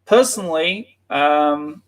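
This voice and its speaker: British male teacher in his thirties, fairly high voice, halting live-stream delivery, lots of ums. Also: lively intonation. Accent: British English. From Britain. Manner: hesitant, many fillers and restarts. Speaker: English teacher, livestream host. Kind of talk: live online English lesson, casual.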